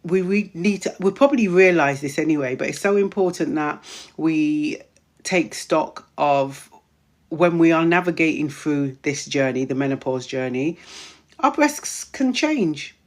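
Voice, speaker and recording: A woman host, a menopause wellness practitioner, chatting casually on a live stream, greeting viewers by name, repeating herself, her voice starting to go hoarse. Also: deep voice, lively intonation, a little slow. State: voice going hoarse.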